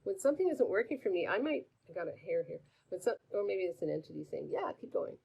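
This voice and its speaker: A woman's voice: fairly low pitch, quick pace, gravelly, breathy edge. Chatty woman coaching a live stream. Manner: animated, chatty, greets viewers by name, asks many questions. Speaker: host answering viewer questions. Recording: dull lo-fi stream audio.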